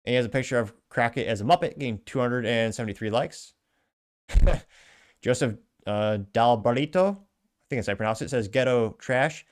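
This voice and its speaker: A male host working through a list of viewer comments on his show. He reads each one out, then tacks on dry, offhand asides in a conversational voice at an everyday pitch. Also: moderate pace. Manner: wry, offhand asides with chuckles.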